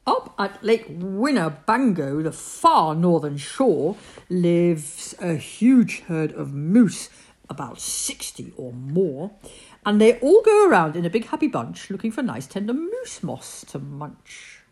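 Lady reading a bedtime story, super sing-song pitch, animated. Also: takes it slowly. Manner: animated, rhyming read-aloud.

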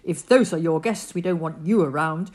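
A woman's voice: sits low, moderate pace, darkish tone. A woman voicing a group of grumpy, disapproving moose in a bedtime story, scolding.

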